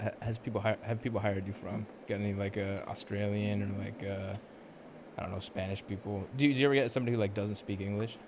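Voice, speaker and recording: A podcast co-host with an extremely low voice talks fast, firing off quick jokes and questions. Clear background noise runs through the recording. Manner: quick joking interjections. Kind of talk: casual chat with quips.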